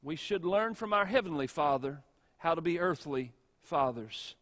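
A man with a high voice preaches in a church sanctuary, leaning hard on key words and letting his delivery swing from loud to hushed. The hall adds a long reverb tail to every phrase. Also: animated. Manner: emphatic preaching with dramatic pauses and shifts in loudness. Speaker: pastor. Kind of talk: sermon.

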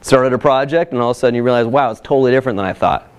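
A man presenting at a workshop, telling a personal story in a casual, animated way with frequent asides to the audience. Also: mid-range voice, racing, smooth. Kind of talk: casual workshop talk with slides.

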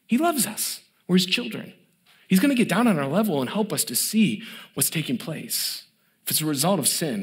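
A middle-aged man preaching a sermon as pastor, who acts out the story's characters in a lively way and turns soft and hushed when he stresses mercy. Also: mid-range voice. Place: church.

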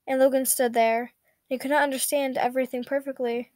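A woman reads a story aloud in a high voice, at a steady pace with small slips she corrects as she goes. The sound is dry and close, with no room echo. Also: a little fast. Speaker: fanfiction reader.

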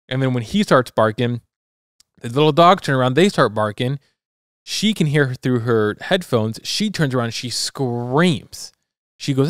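A young man co-hosting a podcast, telling a story in a loose, rambling, animated way. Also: medium pitch, moderate pace, clear, resonant tone, no echo, clean studio sound. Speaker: podcast co-host. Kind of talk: casual chat.

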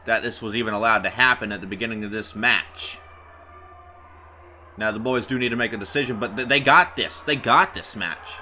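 A man giving an indignant live reaction to a match, stammering through restarts and bursting into shouts. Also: lowish voice, fairly quick, slight background noise. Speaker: vlogger reacting to a wrestling match. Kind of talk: heated live reaction commentary.

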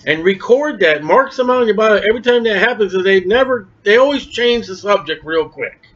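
A man with a rather high voice leads a lively verse-by-verse Bible study sermon. He talks in a conversational way and acts out the people he quotes. The recording sounds dull and lo-fi. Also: brisk. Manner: animated and conversational, acting out quoted speakers. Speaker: Bible teacher.

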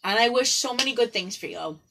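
A woman giving casual tarot readings on a livestream, chatty and giggly, dropping into soft prayers to her spirit guides. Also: fairly high pitch, expressive, brisk, creaky, music in the background, rough recording. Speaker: tarot card reader. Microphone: phone or computer on a live video stream.

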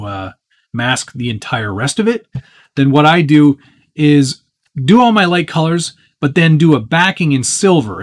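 A man hosting a live stream, casually chatting and answering viewer questions while working on a model truck with his hands. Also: mid-range voice. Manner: chatty and easygoing, with frequent fillers and self-interrupting asides. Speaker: host of a live build stream.

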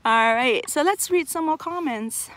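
A young woman, a parrot trainer, chatting casually on a phone live stream outdoors, cooing at her bird and exclaiming excitedly. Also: high voice, measured pace, heavy background noise. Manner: animated, cooing baby talk to her bird; frequent laughter, excited exclamations. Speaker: parrot trainer, channel host. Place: outdoors in open country.

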